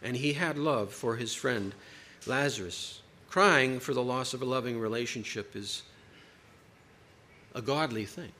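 A man preaching a sermon to a congregation, emphatic, with dramatic pauses. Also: mid-range voice, sharp tone, slight background noise.

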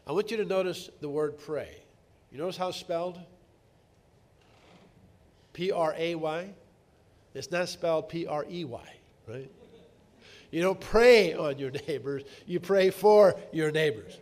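A middle-aged man preaching a sermon, earnest, slowing down to stress key words and rising to emphatic peaks. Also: a little high, a little mellow.

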